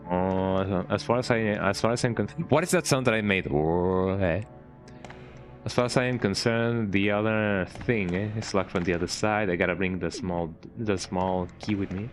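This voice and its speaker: A man's voice: lowish voice, moderate pace, music in the background. A man giving casual, rambling gameplay commentary while streaming, often tagging his sentences with "eh?" and restarting them. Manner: rambling, frequent "eh?" tag and restarts.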